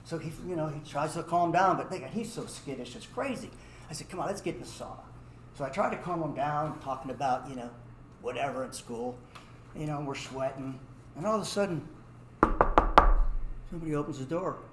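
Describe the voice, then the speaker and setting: A man telling a comic personal story in an animated way, acting out the other voices. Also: a little high, brisk. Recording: echoey room with faint hiss.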